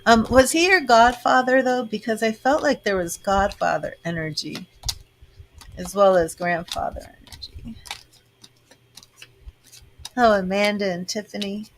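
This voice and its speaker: A woman's voice: mid-range voice, measured pace, long pauses, slight background noise. Woman psychic, live-stream host, reassuring and conversational. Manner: reassuring, chatty, answers viewer comments. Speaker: psychic reader. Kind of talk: live-stream tarot reading.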